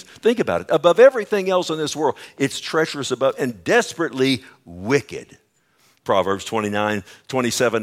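A man preaching a sermon, swinging between loud emphasis and hushed, slow lines, asking the congregation for responses. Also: medium pitch.

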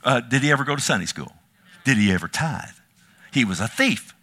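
Male pastor mid-sermon; bright, tense delivery, emphatic with rhetorical questions. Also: medium pitch, expressive, fast talker. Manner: emphatic, swings from hushed to loud, rhetorical questions to the congregation.

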